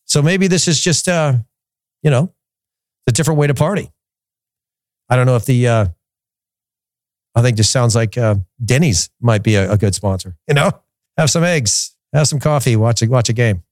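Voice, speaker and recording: A man's voice: mid-range voice, moderate pace, pauses often, a little mellow, dry recording, clean studio sound. A man from the United States hosting a soccer podcast, talking casually with opinions and frequent restarts. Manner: rambling, opinionated, repeats words while thinking.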